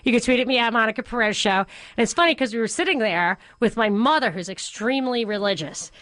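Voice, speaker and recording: A woman's voice: fairly high pitch, animated, fast talker, fairly bright tone, no echo. A woman hosting a talk radio show from a studio, chatting casually and animatedly, laughing often.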